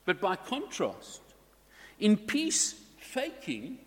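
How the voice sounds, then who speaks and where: A man preaching a sermon to his congregation in a slow, deliberate way, stressing key words. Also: high-pitched, huge pitch swings, a bit bright, in a large hall.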